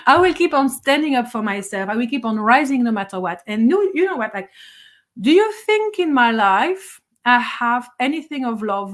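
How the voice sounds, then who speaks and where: Fiery, blunt spiritual teacher woman. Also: a little high. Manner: blunt, fiery, swears, laughs between points. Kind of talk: emphatic motivational monologue.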